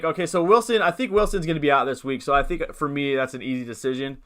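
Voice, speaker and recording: A man's voice: a little high, fast talker, few pauses, a bit bright. A young man streaming live, casually talking through fantasy football teams and reading chat, rambling and upbeat, with hiccups. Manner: thinks aloud, reads chat, rambling and upbeat.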